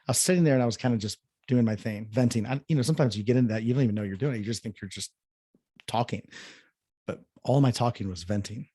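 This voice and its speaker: A man guest in a conversation, telling a personal story in a reflective, relaxed way. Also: medium pitch, fast, slightly rough, dry recording, clean studio sound. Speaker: podcast guest.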